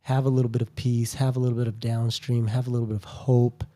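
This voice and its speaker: A man co-hosting a recovery podcast, speaking in a slow, earnest, reflective way. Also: mid-range voice, flat delivery, mellow. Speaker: podcast co-host. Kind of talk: reflective talk.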